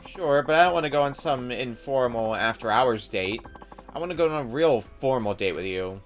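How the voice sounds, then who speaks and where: A man's voice: medium pitch, lively intonation, moderate pace, soft background music, close to an everyday voice. A man reading the lines of an anxious, clingy young woman in a game, in a fretful, pleading way.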